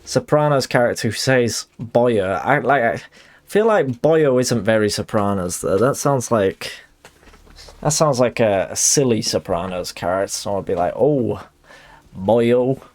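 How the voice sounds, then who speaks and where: A man's voice: mid-range voice, lively intonation, normal speed. A young adult man, streaming a game and chatting in a rambling, self-deprecating way. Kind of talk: casual chat while gaming.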